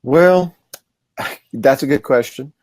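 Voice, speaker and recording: A man from the American South co-hosting a political talk show, speaking in a measured, deliberate, folksy way. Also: medium pitch, darkish tone, no room sound. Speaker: co-host.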